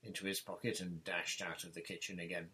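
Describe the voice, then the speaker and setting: A man reading a novel aloud in a steady, even narrating manner. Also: low-pitched, brisk, breathy edge. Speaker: audiobook reader.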